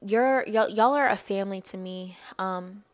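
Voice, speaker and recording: A woman's voice: medium pitch, moderate pace, dry recording. Earnest encouraging woman, dry close sound. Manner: earnest and encouraging, laughs often mid-sentence. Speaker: podcast host. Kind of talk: casual faith-based encouragement talk.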